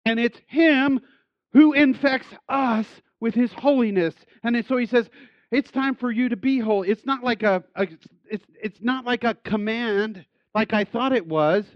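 A man's voice: extremely high pitch, measured pace, no room sound, muffled recording. A man, a pastor, giving a casual, enthusiastic sermon with self-deprecating asides and frequent restarts.

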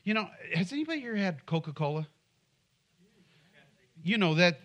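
A man's voice: high voice, big pitch swings, normal speed, pauses often, a bit bright, highs cut off. A middle-aged man preaching a sermon in church, conversational and humorous, often asking the congregation questions. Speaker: pastor.

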